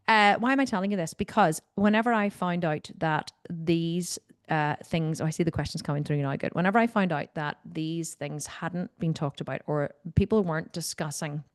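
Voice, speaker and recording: A woman's voice: on the low side, a little mellow, dry recording, studio quality. A woman hosting a live video Q&A, telling a story in a candid, blunt way and swearing freely. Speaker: host. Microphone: video call mic.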